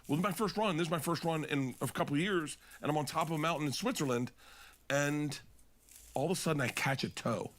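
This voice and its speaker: Profane animated man telling stories. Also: brisk. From Florida. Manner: animated, profane, acts out quotes in jumping pitch. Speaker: podcast host. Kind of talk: casual storytelling chat.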